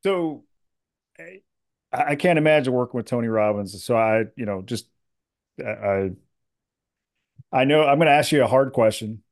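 A man hosting an interview podcast, praising his guest with halting restarts. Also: mid-range voice, expressive. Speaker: podcast host. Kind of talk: interview chat.

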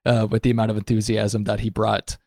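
A man's voice: on the low side, completely flat delivery, fairly quick, gravelly, a little mellow, no echo. Casting: man, show host, rambling chatty recap talk, dry close sound. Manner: rambling, chatty, laughs often. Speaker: podcast host. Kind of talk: casual recap chat.

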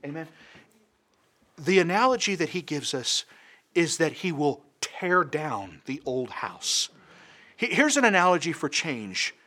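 Guy preaching a sermon, kinda high voice, fired up, repeats his points hard. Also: big pitch swings, unhurried, bright, forceful tone. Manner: impassioned, emphatic repetition.

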